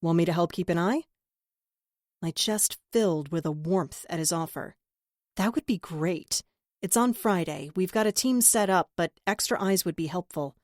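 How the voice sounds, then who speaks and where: A woman reading a crime novel aloud in first person, with measured, intimate storytelling. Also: on the low side, a little mellow, no room sound, clean studio sound. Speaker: audiobook narrator. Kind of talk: first-person scripted narration.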